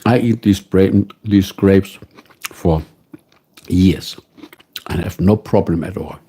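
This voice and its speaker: Slow-talking German-accented man, husky and mellow. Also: sits low. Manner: slow, musing, greets viewers by name. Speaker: livestream host. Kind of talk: casual live-stream chat.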